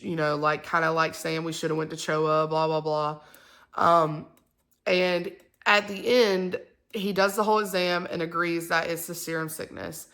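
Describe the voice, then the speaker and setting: Woman, bright tone, slightly low pitch, rambling heated storytelling, casual vlog. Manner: rambling, heated retelling with many fillers. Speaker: mother and vlogger.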